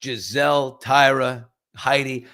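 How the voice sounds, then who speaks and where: A middle-aged man hosting a casual morning talk show, telling stories with lively acted-out quotes. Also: medium pitch, slow pace, smooth. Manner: animated storyteller, acts out quotes and whispers. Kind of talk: casual storytelling chat.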